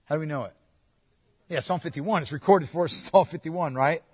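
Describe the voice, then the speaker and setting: Husky preacher with hall echo. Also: male voice, a little high, fairly quick, clean studio sound. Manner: emphatic, swings between loud urging and hushed quiet asides. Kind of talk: sermon. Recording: long hall reverb.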